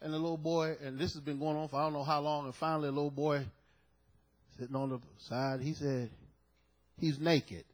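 A man preaching a sermon, moving between quiet, low asides and loud, shouted peaks. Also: level tone, fairly quick, rough recording.

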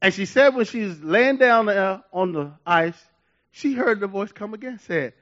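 Male pastor, high voice, lively sermon delivery, muffled lo-fi recording. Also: normal speed. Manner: animated preaching with laughs and repetitions.

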